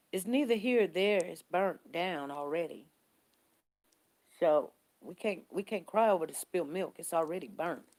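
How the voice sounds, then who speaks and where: Animated woman vlogger telling stories. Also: on the low side. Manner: animated, conversational storytelling that repeats its points. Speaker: vlogger talking to live viewers. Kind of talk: casual live-stream commentary.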